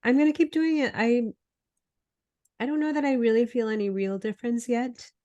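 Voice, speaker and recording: A woman's voice: on the high side, fairly even intonation, normal speed, mellow, muffled recording. A woman co-hosting a casual chat, sounding nasal and congested from a cold, chatty and self-deprecating. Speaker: podcast co-host, health coach.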